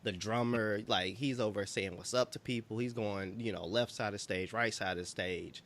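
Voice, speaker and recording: A man with a somewhat low voice chats casually as a podcast co-host. He rambles through his stories with plenty of fillers, unhurried and easygoing. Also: slight background noise. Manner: relaxed storytelling, lots of fillers. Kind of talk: casual chat.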